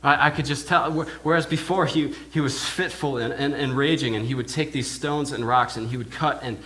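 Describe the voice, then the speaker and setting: This brisk, fairly bright, natural-sounding male voice of medium pitch belongs to a minister preaching in church. He speaks in character as an awed village pig herder, telling his own story in the first person with halting, often repeated words.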